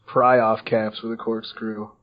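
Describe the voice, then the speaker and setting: A man's voice: fairly low pitch, level tone, unhurried. A man co-hosting a casual wrestling podcast, joking with his friends. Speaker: podcast co-host. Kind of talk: casual chat. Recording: dull lo-fi podcast audio.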